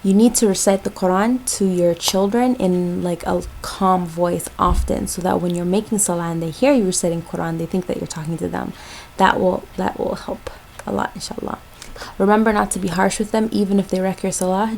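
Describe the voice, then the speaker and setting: A woman's voice: lowish voice, gravelly, darkish tone, a little hiss or hum, low-quality recording. A young woman from Jamaica, a mother, giving parenting tips in a casual, chatty vlog with lots of ums and likes.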